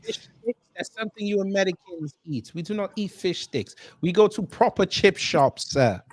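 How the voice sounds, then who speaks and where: A man doing a pompous, mock-posh British gentleman in comedic banter, clipping "sir" onto nearly every line. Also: high-pitched, expressive, moderate pace, no room sound. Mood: haughty.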